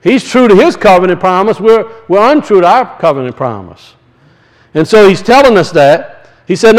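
A man preaching a sermon, talking conversationally and with passion, drawing words out for emphasis and reading scripture slowly. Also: high-pitched, expressive, poor audio. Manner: reads scripture aloud slowly and deliberately.

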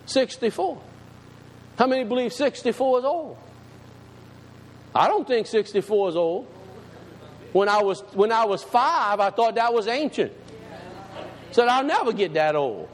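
A man's voice: extremely high pitch, lively intonation, a little slow, pauses often. A man, a pastor telling a story in a folksy, emphatic sermon to his congregation. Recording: long hall reverb, faint background noise.

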